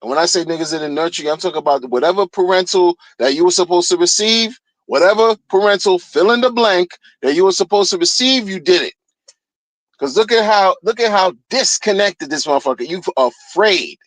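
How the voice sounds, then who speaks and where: A man's voice: sits high, lively intonation, a little fast, a bit bright, no echo, rough recording. A man ranting in a heated, mocking way, repeating phrases to drive his point home. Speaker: streamer ranting commentary. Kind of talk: casual rant.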